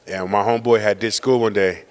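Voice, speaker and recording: A man co-hosting a podcast, telling family stories in quick slang and acting out his father's lines. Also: lowish voice, steady tone, in a large hall. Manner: rapid slangy banter, acts out his dad. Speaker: podcast co-host. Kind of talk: casual storytelling chat.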